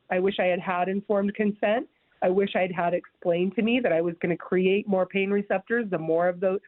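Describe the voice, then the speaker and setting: A woman's voice: medium pitch, dry recording. A woman tells her own story in an interview, earnest and emphatic, often stumbling and restarting as she presses her point. The sound is thin and phone-like. The room around her is dry and close. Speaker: guest sharing her story. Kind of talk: interview, personal testimony.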